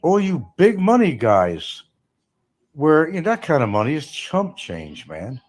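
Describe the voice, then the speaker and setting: A man's voice: fairly high pitch, wildly swooping pitch, a little slow. A man hosting a casual livestream, rambling sarcastically and reading chat comments aloud. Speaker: livestream host.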